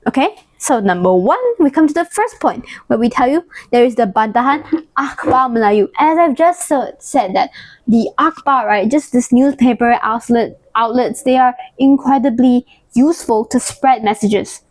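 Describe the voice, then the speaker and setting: A woman's voice: a little high, moderate pace, no room sound. A woman giving a casual exam-prep history lesson, explaining terms and throwing in playful acted asides. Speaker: history tutor.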